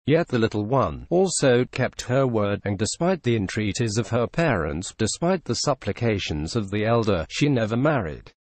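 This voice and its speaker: A man narrating a classic story in a measured, expressive storytelling manner. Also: on the low side, dry recording. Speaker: audiobook narrator. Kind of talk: scripted narration.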